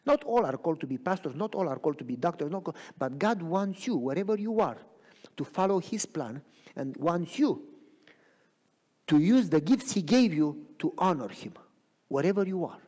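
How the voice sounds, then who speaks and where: Dramatic preacher in a reverberant church. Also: male voice, on the high side, animated, normal speed. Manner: dramatic, swings from loud cries to near whispers; asks the audience if they follow him. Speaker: pastor. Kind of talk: sermon. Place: church sanctuary. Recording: long reverb of a church hall.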